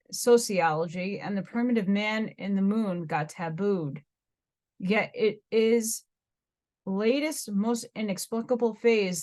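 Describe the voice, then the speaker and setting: A woman's voice: mid-range voice, a little mellow. An American woman reading a dense old book aloud, stumbling over hard words and restarting them. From United States. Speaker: reader.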